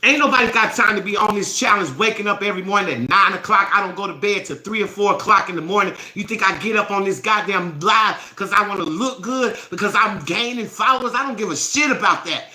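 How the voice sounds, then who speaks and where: A woman hosting a self-help live stream, scolding her viewers in a profane, forceful rant. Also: medium pitch, quick pace, hardly any pauses, roomy sound, poor audio.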